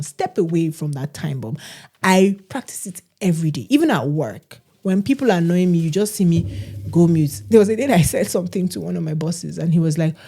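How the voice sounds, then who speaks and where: A woman chats on a podcast in a low, mellow voice. She tells her stories with animation and slips into other people's voices as she goes. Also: slightly rough. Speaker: podcast co-host. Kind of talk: casual chat.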